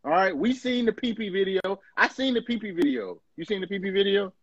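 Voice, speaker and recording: A man's voice: high-pitched, fairly quick, breathy edge, no room sound. A man co-hosting a casual podcast chat, slangy and emphatic. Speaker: podcast co-host. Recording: dull dry lo-fi recording.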